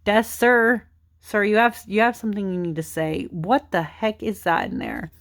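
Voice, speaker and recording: A woman's voice: medium pitch, moderate pace. A young woman casually chatting through a deck of cards, rambling with lots of fillers, giggling, tired and yawning late at night. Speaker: tarot channel host. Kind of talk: casual chatty card flipthrough.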